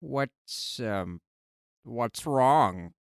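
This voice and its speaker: A man voicing a gruff grown male squid, speaking in a halting, strained way as he comforts someone. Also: mid-range voice, lively intonation, no echo, studio quality.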